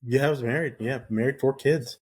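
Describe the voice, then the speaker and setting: A man's voice: medium pitch, a little fast, breathy edge. A middle-aged man from the United States, a guest on an interview, telling his story casually and acting out the dialogue he quotes. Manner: animated storyteller who acts out quoted dialogue. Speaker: guest, retired Navy SEAL.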